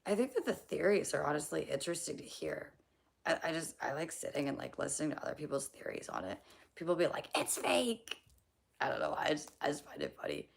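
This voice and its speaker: Hoarse low-voiced young woman streaming. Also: very animated, fast talker. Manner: rambling, swearing, slangy, laughing at her own jokes. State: hoarse, losing her voice. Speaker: livestream host answering chat. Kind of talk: casual livestream chat.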